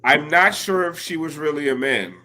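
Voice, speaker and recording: Bright-voiced rambling man telling a story. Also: a little high, moderate pace, slight background noise. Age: late 30s. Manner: rambling, profane, loud storyteller. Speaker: podcast co-host. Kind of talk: casual storytelling chat.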